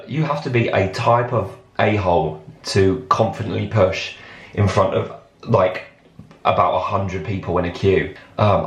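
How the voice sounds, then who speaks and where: A man vlogging in a chatty storytelling way, acting out lines of dialogue as he tells a story in an airport lounge. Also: fairly low pitch. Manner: chatty, acts out his own and others' lines in quotes. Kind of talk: casual storytelling to camera. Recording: roomy echo.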